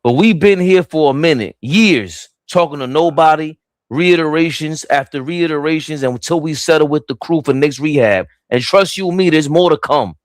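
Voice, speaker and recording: A man's voice: a little high, moderate pace, dry recording. A young man doing casual live play-by-play on a fan stream, talking straight to the chat. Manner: excitable, voice jumps up when the action heats up.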